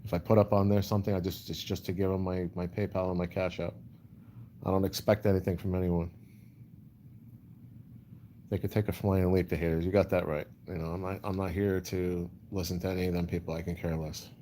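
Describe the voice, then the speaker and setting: A man talks loosely to his livestream chat, answering comments one by one. His voice is low and dark, with little rise and fall. A faint background hum sits under the talk. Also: flat delivery, fairly quick. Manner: rambling, repeats "you know", answers chat comments. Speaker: livestream host.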